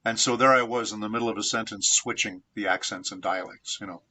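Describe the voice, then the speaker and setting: A man from San Diego, a voice actor being interviewed, telling anecdotes in a measured, reflective way. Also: on the low side, fairly even intonation, bright, forceful tone. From San Diego, United States. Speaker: voice actor guest.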